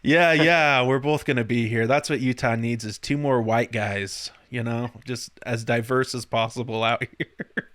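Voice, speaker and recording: Friendly channel host on a video call. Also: male voice, medium pitch, steady tone, a little slow, a bit bright. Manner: friendly, laughs easily. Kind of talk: casual interview chat.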